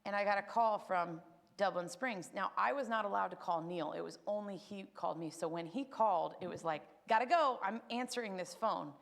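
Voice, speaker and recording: Woman giving a spoken testimony, emotional storytelling with a touch of vocal fry. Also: lowish voice, fairly quick. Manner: emotional, animated storytelling with acted quotes. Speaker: testimony speaker at church.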